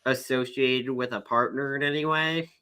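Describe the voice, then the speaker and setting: A woman's voice: very deep voice, steady tone, sharp tone, clear, resonant tone. Quizzical woman reviewer. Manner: questioning, quick. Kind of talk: casual chat.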